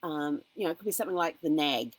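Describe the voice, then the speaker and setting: A woman's voice: deep voice, lively intonation, fast, no room sound, rough recording. A woman hosting a casual motivational talk, speaking in an earnest, encouraging way and weaving in personal asides. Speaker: host.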